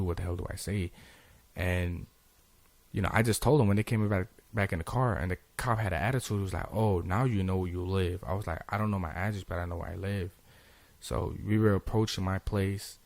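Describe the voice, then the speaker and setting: A young man tells a story to his viewers in a loose, slangy way, stumbling over restarts and fillers. His voice sits very low, and the sound is dry with no room around it. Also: dry recording. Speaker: vlogger. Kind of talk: casual story time.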